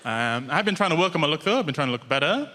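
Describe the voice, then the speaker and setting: Male comic, 20s, deadpan and self-mocking, lively pitch, live theatre with reverb. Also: a little hiss or hum. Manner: deadpan and self-deprecating, with drawn-out punchlines. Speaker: stand-up comedian. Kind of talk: stand-up routine. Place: large theatre stage.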